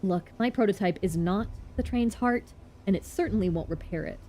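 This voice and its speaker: A woman's voice: mid-range voice, moderate pace, mellow, lightly acted. Brief: precise, lecturing young medic, read by a woman streamer. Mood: dry.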